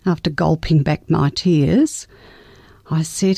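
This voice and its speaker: An older grandmother telling a true family story in a tender, measured way and reading scripture as a guest on a talk program. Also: fairly low pitch, expressive, darkish tone, no room sound.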